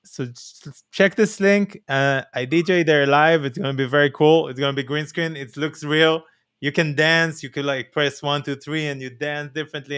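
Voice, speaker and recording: A man's voice: a little high, fairly bright tone, smooth, no echo, studio quality. A man hosting a livestream in casual chat, rambling and playful, speaking English with a mixed non-native accent. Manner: rambling, playful, drifts between topics. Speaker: DJ and stream host. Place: streaming room. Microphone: streaming mic.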